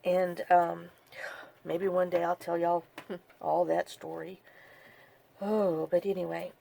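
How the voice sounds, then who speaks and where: Woman, middle-aged, low gravelly voice, halting vlog storytelling. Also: flat delivery, mellow, slight background noise. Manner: halting, many fillers and repeated "I said". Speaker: craft vlogger. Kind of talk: personal storytelling to camera.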